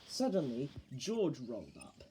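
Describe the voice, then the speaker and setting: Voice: medium pitch, huge pitch swings, measured pace, warm tone, slight background noise, rough recording. A storyteller making up a story aloud, often stopping to restart lines. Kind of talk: improvised story narration.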